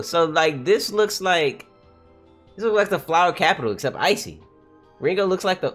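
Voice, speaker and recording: Slangy, excitable man reading comics aloud. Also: on the high side, moderate pace, faint music behind. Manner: slangy, excitable, laughs often. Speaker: manga reaction streamer. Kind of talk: casual read-along commentary.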